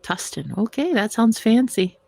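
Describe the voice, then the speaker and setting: A woman's voice: a little high, very animated, measured pace, creaky, darkish tone, slightly rough, no echo. Giggly young woman chatting with viewers. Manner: giggly, rambling, playful, lots of "like". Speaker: tarot reader livestream host. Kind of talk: casual chat with live viewers.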